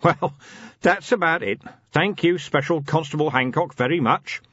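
A man with a husky voice reading a dry, grumbling middle-aged watch commander in an audiobook. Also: on the high side, normal speed, fairly bright tone, no room sound, dull audio, voice pushed up. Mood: wry.

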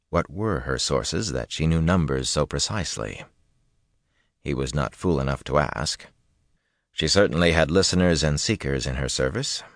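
Very deep-voiced male audiobook narrator. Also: gravelly, a bit bright, no echo, studio quality. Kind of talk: scripted narration.

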